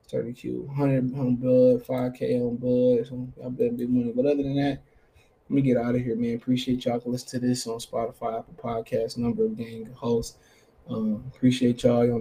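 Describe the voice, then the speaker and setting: Gravelly, dark-voiced man chatting boxing. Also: medium pitch. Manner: loose, slangy, thinks aloud. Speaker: podcast host. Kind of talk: casual solo boxing talk.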